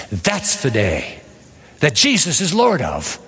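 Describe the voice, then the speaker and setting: A man's voice: medium pitch, huge pitch swings, takes it slowly, a bit bright, breathy edge. A male pastor delivering an emphatic sermon in a large church sanctuary, surging and dropping in intensity as he preaches. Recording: long hall reverb.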